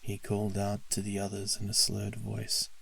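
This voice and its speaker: A man narrating a story at a slow, calm pace, sometimes dropping to a whisper. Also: fairly low pitch, vocal fry, slightly rough. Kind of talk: scripted story narration for sleep.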